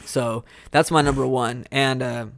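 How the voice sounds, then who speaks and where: A man's voice: medium pitch, fairly even intonation, measured pace, vocal fry, no room sound, studio quality. A man co-hosting a casual movie review podcast, retelling scenes with acted-out quotes. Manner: rambling, acts out scenes with quoted voices. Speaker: podcast co-host.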